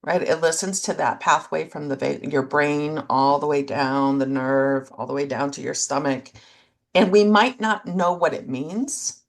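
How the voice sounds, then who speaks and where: Low, gravelly-voiced woman co-hosting a podcast. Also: steady tone, measured pace. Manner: gentle, thoughtful, speaks in short phrases. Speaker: podcast co-host. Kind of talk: casual reflective conversation.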